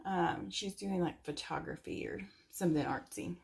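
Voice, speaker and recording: A woman's voice: lowish voice, moderate pace, gravelly, darkish tone. A young woman chatting casually about books she recommends, rambling a little with lots of fillers. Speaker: book reviewer. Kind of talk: casual chat.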